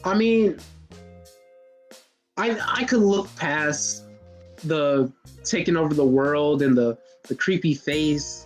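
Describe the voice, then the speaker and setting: A man's voice: fairly high pitch, slow, long pauses, soft background music. A man co-hosting a live weird news reaction show, laid-back and joking. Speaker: co-host.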